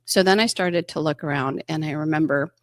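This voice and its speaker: A woman's voice: low-pitched, fairly quick, no room sound, clean studio sound. A woman in her fifties, an emergency room physician and interview guest, telling stories casually and acting out quoted dialogue with frequent laughter. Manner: animated, acts out quoted dialogue, laughs often.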